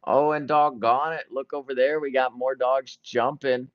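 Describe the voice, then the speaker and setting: Male commentator, excited live play-by-play, mid-pitched, dry and dull lo-fi sound. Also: moderate pace, no echo. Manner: excited, jumping between events. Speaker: sports commentator.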